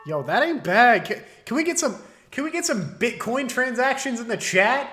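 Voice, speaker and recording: A man's voice: very high voice, sing-song, normal speed, bright, forceful tone, faint music behind. A man in his twenties giving casual, joking reaction commentary, laughing often. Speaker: video commentator.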